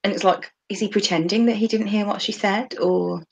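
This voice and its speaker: A woman's voice: medium pitch, steady tone, brisk, vocal fry, a little mellow, slightly rough, muffled recording. A woman co-hosting a podcast, chatting casually about a TV episode and laughing often as she talks. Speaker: podcast co-host.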